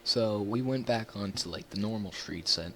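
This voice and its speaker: A man's voice: lowish voice, normal speed. A man telling a personal story in a casual storytime vlog, rambling with many fillers and restarts. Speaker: YouTuber.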